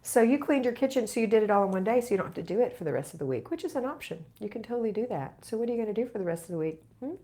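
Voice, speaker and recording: A woman's voice: a little high, sing-song, very fast, few pauses, mellow. A middle-aged woman hosting a live question-and-answer stream, reading viewer comments aloud and answering with chatty encouragement. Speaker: home organizing channel host.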